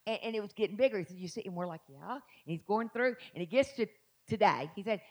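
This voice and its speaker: A middle-aged woman with a Southern US accent, preaching a sermon and telling her story, building to shouted exhortation. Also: medium pitch, expressive, fast.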